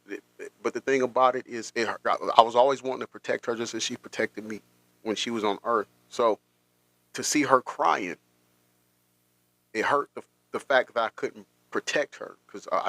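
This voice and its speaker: A man hosting a podcast, telling a personal story in a halting, emotional way with many restarts. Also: lowish voice, creaky, a bit bright, dry recording. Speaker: podcast host.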